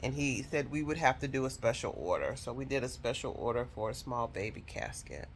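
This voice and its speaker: A woman's voice: very deep voice, animated, a little fast, a little hiss or hum. Woman telling a heartfelt personal story. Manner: emotional, heartfelt, addresses viewers directly. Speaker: vlogger telling her own story.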